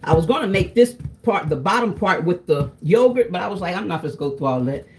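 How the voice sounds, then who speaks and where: A woman's voice: on the low side, lively intonation, a little fast, a little mellow, a little hiss or hum. A woman, chatting casually to her viewers while she cooks, calling them "y'all". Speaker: cooking vlogger. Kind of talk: casual cooking vlog chat.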